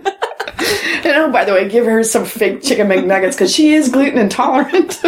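A woman's voice: on the high side, normal speed, slight background noise. A middle-aged woman co-hosting a podcast, telling a racy story in candid casual chat with lots of laughter. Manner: bawdy, laughing, animated storyteller. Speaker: podcast co-host.

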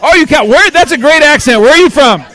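A man hosting a podcast, playfully teasing people in quick party interviews. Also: very high voice, animated, fairly bright tone, faint music behind, some chatter behind. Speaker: podcast host.

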